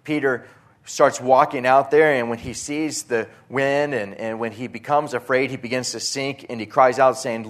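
A man preaching a sermon in an earnest, halting way, with frequent restarts, reading scripture aloud. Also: medium pitch, fairly even intonation. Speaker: pastor.

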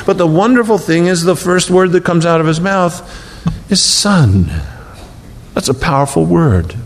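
A middle-aged male pastor preaching a sermon, moving between raised, emphatic declarations and low, hushed, tender passages. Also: animated, a little slow. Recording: long hall reverb, faint rumble.

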